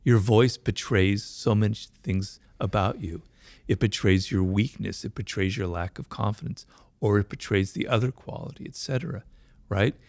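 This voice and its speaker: Middle-aged guy w a gravelly voice, talks quick and emphatic, dry close sound. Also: on the low side, a little mellow, no echo. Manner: fast-talking, admits his mind races; emphatic, peppers points with "right?". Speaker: interview guest, author. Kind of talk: conversational interview.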